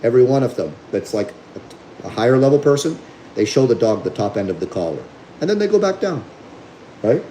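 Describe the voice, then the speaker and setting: A man's voice: medium pitch, sing-song, a little fast, mellow, a little hiss or hum, poor audio. A man hosting a livestream as a dog trainer, talking bluntly and combatively while reading viewer comments.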